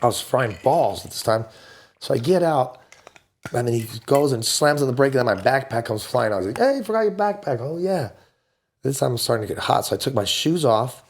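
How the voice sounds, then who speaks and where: A man in his forties tells wild stories in casual, slangy talk. His voice sits at an ordinary middle pitch, and he leaps high whenever he quotes someone. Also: a little fast, vocal fry. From United States. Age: 40s. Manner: animated storyteller, jumps up high for quoted voices; laid-back slangy talk. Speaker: podcast guest. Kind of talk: casual storytelling.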